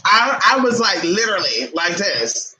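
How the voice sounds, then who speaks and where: Animated, profanity-laced woman streaming. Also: lowish voice, moderate pace, heavy background noise. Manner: talks to viewers and a pet while reading comments. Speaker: livestream host. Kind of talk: casual livestream chat.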